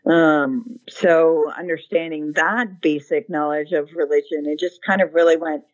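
Lo-fi, low-voiced woman explaining at length. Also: fairly even intonation, measured pace, darkish tone. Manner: thoughtful, many fillers and restarts. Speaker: researcher guest. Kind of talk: conversational interview answer.

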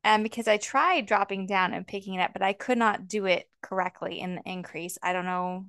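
Woman, forties, smooth clear voice, dry close sound, rambling chatty co-host. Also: mid-range voice, a little fast, fairly bright tone, dry recording. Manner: chatty, rambling, many ums. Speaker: podcast co-host. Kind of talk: casual chat.

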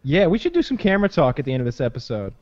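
Loose, animated male co-host. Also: a little high, very fast. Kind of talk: casual podcast chat. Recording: dull, lo-fi call audio.

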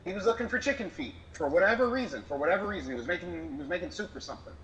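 A man's voice: high-pitched, animated, racing, a bit bright, slight background noise, rough recording. A man on a podcast ranting in a fired-up way, swearing often as he tells a story. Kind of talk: casual chat, heated rant.

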